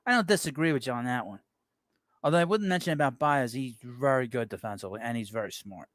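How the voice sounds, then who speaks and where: A man's voice: medium pitch, animated, brisk, a bit bright, no room sound. A man hosting a casual live baseball talk show, rambling as he reads viewer messages aloud and reacts to them offhand. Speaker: sports talk show host. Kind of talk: casual live-stream chat about baseball.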